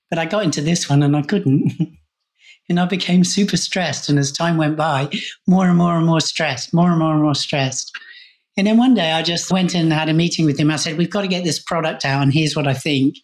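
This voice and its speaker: A man, a podcast guest and coach, recounting a personal story in a candid, conversational way. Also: fairly high pitch. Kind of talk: casual storytelling.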